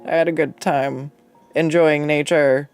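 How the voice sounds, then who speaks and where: A streamer chats loosely while drawing, rambling through an anecdote with frequent swearing and laughter. The voice sits in a middle pitch. Soft music plays quietly behind. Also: fairly even intonation, a little slow, clear, resonant tone. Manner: rambling, profane, laughs often. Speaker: artist and streamer. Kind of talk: casual storytelling while drawing.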